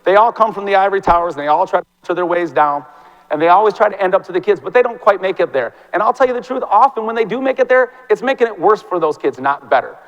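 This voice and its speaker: High-pitched guy in his 40s, teacher talking fast and fired up on stage, big hall with long echo. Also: highs cut off. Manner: fast, animated and impassioned storytelling. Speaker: teacher giving a conference talk. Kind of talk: motivational stage talk. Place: large classroom or hall. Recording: long reverb from a large hall.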